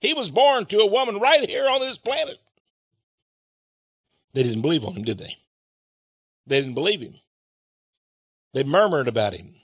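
Man, preacher, high voice, dry close sound, emphatic sermon, rhetorical questions, chuckles between points. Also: big pitch swings, moderate pace, pauses often, slightly rough, no room sound. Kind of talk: sermon reading and explaining scripture.

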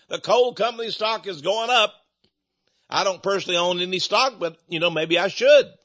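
A man's voice: high-pitched, normal speed, fairly bright tone. An older man giving a combative, sarcastic political monologue and repeating words as he goes. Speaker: political commentator. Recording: dull lo-fi sound.

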